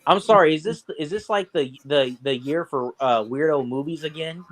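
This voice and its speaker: Man podcast co-host, raised pitch, profane and rambling, loose casual chat. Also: moderate pace. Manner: profane, rambling, animated storytelling.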